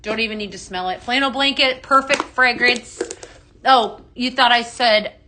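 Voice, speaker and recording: A woman's voice: on the high side, normal speed, pushed and bright, a little hiss or hum. A woman with a Texan accent hosting a casual live stream, chatty and bubbly, greeting viewers by name and laughing often. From Texas. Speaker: live-stream host mixing fragrances. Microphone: phone.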